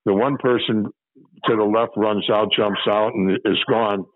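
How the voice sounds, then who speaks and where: A man's voice: on the low side, fairly even intonation, a little slow, dry recording, phone-quality sound. An older man from Chicago, a former police officer telling stories from his career in an interview, rambling and repeating phrases as he remembers. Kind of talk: storytelling interview.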